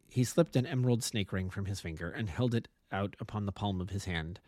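A man's voice: low voice, animated, brisk, hardly any pauses, a little mellow, no echo, clean studio sound. Man narrating an audiobook expressively. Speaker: amateur narrator. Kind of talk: audiobook reading.

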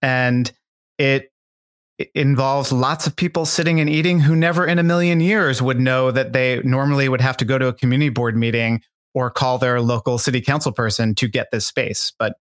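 A male guest talks in a loose, conversational way, circling his points with plenty of ums and restarts. His voice sits at an ordinary middle pitch for a man. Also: fairly even intonation, normal speed. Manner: rambling and thoughtful, many fillers and restarts. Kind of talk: casual interview talk.

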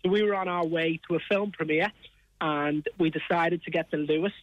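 A man's voice: a little high, fairly even intonation, a little fast, no room sound, highs cut off. A man chatting as a guest on a radio show, easygoing and friendly. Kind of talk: casual radio interview.

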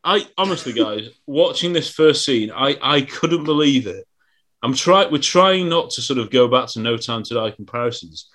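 A man's voice: mid-range voice, normal speed. A man hosting a casual film chat, joking and laughing often. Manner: laughs often, animated and jokey.

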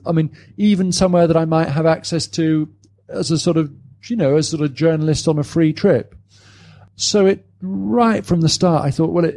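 A man's voice: on the high side, mellow. A man from Britain being interviewed about his book at a live event, talking casually with many restarts and repeated words. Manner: hesitant, repeats words, self-correcting. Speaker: author guest. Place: live event before an audience.

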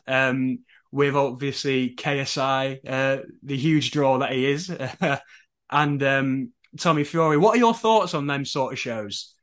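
A man hosting a podcast in a mid-pitched voice. He keeps the chat light and jokey, peppering his questions with ums and uhs as he steers the interview along. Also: a bit bright. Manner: chatty, jokey, hesitant fillers. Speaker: podcast host.

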